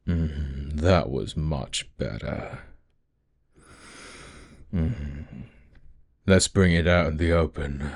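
A man with a deep, breathy voice murmurs his way through an adult audio role-play, right up against the mic. He drags out every word at a very unhurried pace, teasing and giving orders without ever rushing. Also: darkish tone, no room sound, studio quality.

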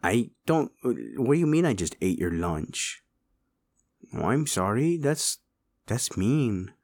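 A man's voice: medium pitch, big pitch swings, slow, a little mellow, heavily acted. A man voicing a small, hungry male chupacabra who is cheeky and boastful, slipping Spanish words into his English. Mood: indignant. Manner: mixes Spanish words into English, whiny and pushy. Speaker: voice performer.

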